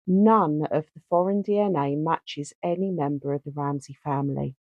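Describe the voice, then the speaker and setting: Woman, true-crime podcast co-host, sweary, animated, low gravelly voice. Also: normal speed, no room sound, narrow, tinny audio. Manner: animated, sweary, reads case notes aloud. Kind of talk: casual true-crime chat.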